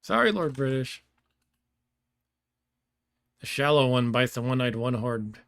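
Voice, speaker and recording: A man's voice: mid-range voice, a bit bright, smooth, no echo. Chatty man playing a game, dry sound. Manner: chatty, laughs often, thinks aloud. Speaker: gameplay streamer. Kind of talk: casual let's-play commentary.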